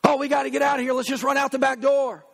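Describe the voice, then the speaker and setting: A man's voice: very high-pitched, little pitch movement, quick pace, creaky, a bit bright, pitched above the performer's own voice, full character voice. A man voicing a frightened young male pig brother in a spoken storybook retelling, indignant and pleading. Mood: fearful.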